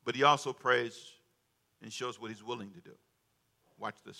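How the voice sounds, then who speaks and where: A man preaching a sermon, calling for responses from the congregation and joking with them between loud, emphatic stretches. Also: mid-range voice, fairly even intonation, moderate pace, gravelly, long pauses. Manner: humorous asides to the congregation. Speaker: pastor. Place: church sanctuary.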